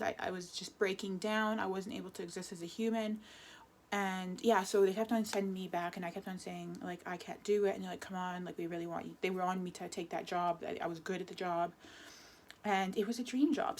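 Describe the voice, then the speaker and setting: A woman's voice: mid-range voice, steady tone, fairly quick, a little mellow, slight background noise. A woman in her twenties talking through a personal confessional vlog, rambling and correcting herself as she goes. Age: 20s. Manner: rambling, self-correcting, emotional. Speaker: vlogger.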